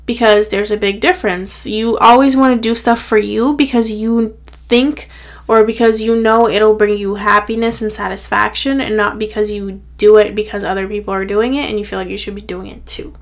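A woman's voice: mid-range voice, steady tone, moderate pace. A young woman hosting her own podcast, talking in a chatty, rambling way full of "like", a bit tired and out of breath. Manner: chatty, rambling, heavy filler "like". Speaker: podcast host. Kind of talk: casual solo podcast pep talk.

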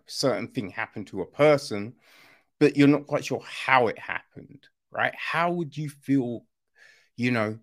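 Man, casual film review, slow delivery, lively pitch, conversational, swears casually. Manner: conversational, keeps asking "right?".

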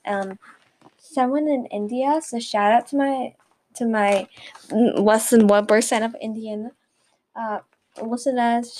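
A woman's voice: fairly high pitch, fairly even intonation, slow pace, long pauses, darkish tone, a little hiss or hum. A teenage girl hosting a casual solo podcast from a bedroom, rambling and giggling self-consciously into a webcam mic set some distance away. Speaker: podcast host. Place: bedroom at home.

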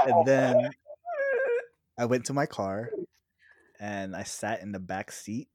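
Man, lowish voice, dry close sound, rambling casual storyteller, laughs a lot. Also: slow, a little mellow, no echo. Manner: laughs through his own stories; loose, rambling with restarts.

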